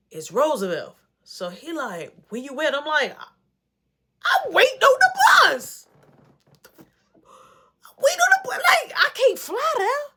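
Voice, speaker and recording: A woman's voice: medium pitch, fairly bright tone. A woman telling a casual story, acting out both sides of the dialogue in a rambling, back-and-forth way. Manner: rambling retelling with many repeats of "I'm like".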